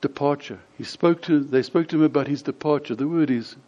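A man preaching a sermon, retelling a scripture scene vividly with dramatic pauses. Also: fairly high pitch, mellow. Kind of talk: storytelling sermon. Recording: slightly dull lo-fi sound.

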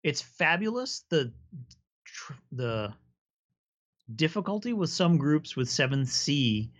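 A man's voice: fairly high pitch, big pitch swings, takes it slowly, fairly bright tone. A man hosting a casual chat, telling stories enthusiastically and explaining at length. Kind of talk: casual chat about tabletop games.

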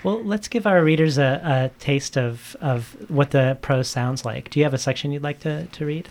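A man's voice: fairly high pitch, moderate pace, darkish tone. A man interviewing an author, asking long questions with frequent hesitations and restarts. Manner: hesitant, with many restarts and fillers.

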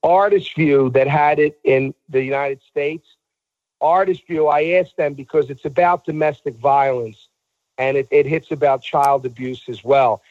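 A man's voice: mid-range voice, steady tone, unhurried, a little mellow, no echo, muffled recording. A man telling a story in a casual talk show, acting out the voices of the people he quotes.

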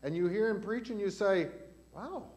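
A man with a somewhat high voice, a pastor teaching a catechism lesson to children and adults inside a church. He keeps turning to the children with questions as he explains. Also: a little fast, darkish tone.

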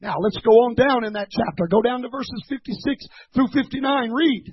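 A man preaching a sermon, halting and repeating words as he teaches, then rising to shouted fervor. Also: very high-pitched, slightly rough, muffled recording.

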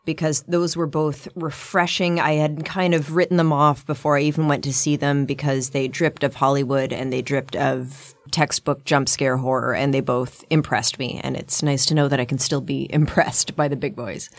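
A woman's voice: very deep voice, flat delivery, normal speed, hardly any pauses, no echo. A woman co-hosting a podcast in loose, joking chat, swearing and laughing while she eats and drinks wine. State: eating chips and drinking wine. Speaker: podcast co-host. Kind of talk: casual chat, bloopers.

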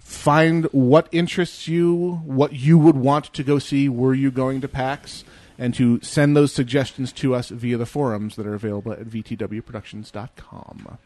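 A man's voice: medium pitch, steady tone, moderate pace, darkish tone, no room sound. A man hosting a casual podcast, wrapping up the episode with playful, laughing, mock-grand announcements. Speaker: podcast host.

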